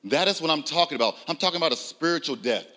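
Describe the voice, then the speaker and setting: A man preaching a sermon, emphatic, swinging from loud, raised lines to low, quiet ones and asking the audience rhetorical questions. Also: lively intonation, rapid-fire. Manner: emphatic, rising loud on key lines, drops low and soft.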